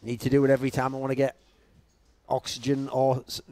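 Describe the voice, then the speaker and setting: A man's voice: mid-range voice, monotone, fast, darkish tone. A young man from Northern England with a Geordie accent, an esports commentator bantering in casual colour commentary, joking, rambling and swearing freely. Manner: joking, profane, rambling storyteller.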